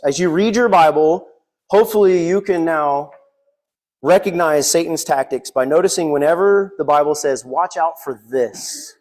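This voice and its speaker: A man's voice: medium pitch, a little mellow. A man preaching a sermon in a church, earnest and reading scripture aloud. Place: church sanctuary.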